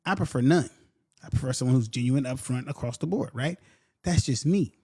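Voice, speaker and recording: A man hosting a podcast in casual, blunt commentary. He repeats his points and briefly mocks other people in quick voices. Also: medium pitch, dark tone, husky. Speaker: podcast host.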